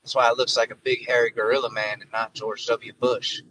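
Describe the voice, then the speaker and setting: A man's voice: medium pitch, flat delivery, brisk, bright, forceful tone, distant mic, slight background noise, natural voice, rough recording. A man doing a boastful ex-president impression. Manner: rambling, self-incriminating boasts. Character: joking impression of a former US president, boastful and sly.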